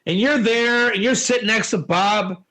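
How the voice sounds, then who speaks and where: A man teaching a Torah lesson in an informal, animated way, telling stories and asking rhetorical questions. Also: sits high, moderate pace, poor audio.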